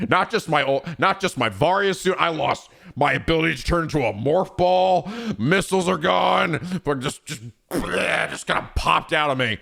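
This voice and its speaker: A young man streaming, chatting in an animated, profane way and laughing often. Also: a little high, moderate pace, vocal fry, few pauses. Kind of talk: casual gaming chat.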